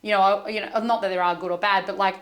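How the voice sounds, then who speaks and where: Earnest, gentle woman coach. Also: medium pitch, flat delivery, quick pace. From Australia. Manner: earnest, gentle storytelling with soft quoted asides. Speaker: emotional intelligence coach. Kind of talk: podcast conversation.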